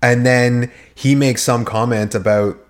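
A man co-hosting a podcast, chatting casually and retelling scenes with quick acted-out lines. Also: mid-range voice, fairly even intonation. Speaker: podcast co-host. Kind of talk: casual chat.

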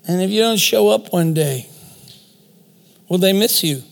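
A man with a high, gravelly voice preaching in a big hall, his words trailing in long reverb. He tells a story and then presses his listeners with rhetorical questions. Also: lively intonation, measured pace, pauses often. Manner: storytelling with rhetorical questions, self-deprecating asides. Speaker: speaker. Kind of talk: sermon.

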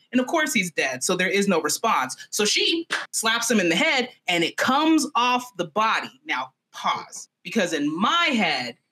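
A young adult woman hosting a podcast who tells a dark fairy tale in an animated, profane, chatty way. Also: lowish voice. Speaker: podcast host. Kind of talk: comedic storytelling.

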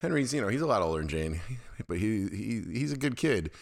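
A man's voice: lowish voice, sing-song, brisk, creaky. A middle-aged man hosting his own podcast, talking candidly and at length in a loose, rambling way. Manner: rambling, candid, self-deprecating. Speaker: podcast host. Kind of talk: casual solo monologue.

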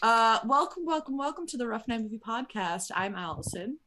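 A woman's voice: a little high, expressive, fairly quick, bright, forceful tone, a little hiss or hum. A woman hosting a podcast in playful, bubbly casual chat. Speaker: podcast host.

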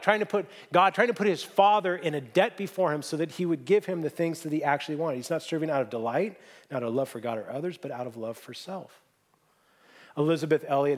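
Earnest man preaching a sermon. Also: a little high. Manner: conversational storytelling preacher, earnest. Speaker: pastor.

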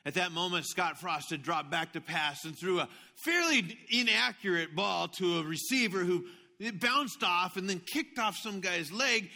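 Bright-voiced animated male pastor. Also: high voice, normal speed, gravelly, few pauses. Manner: animated storytelling, swinging between hushed asides and loud outbursts. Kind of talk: sermon.

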